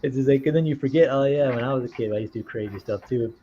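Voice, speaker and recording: A man's voice: medium pitch, very fast, dark tone, a little hiss or hum. Laughing man chatting over muffled audio. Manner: laughing, acts out kids' reactions. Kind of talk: casual chat.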